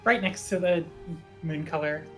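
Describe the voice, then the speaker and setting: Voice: medium pitch, a little slow, soft background music. A player in a tabletop game talking casually and hesitantly, with many fillers.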